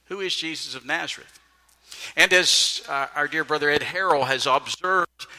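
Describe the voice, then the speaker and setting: Middle-aged male preacher, high-pitched and very bright, emphatic sermon with sudden quiet dips, big hall reverb. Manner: emphatic, animated delivery with sudden drops in pitch and volume. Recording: long reverb of a large hall.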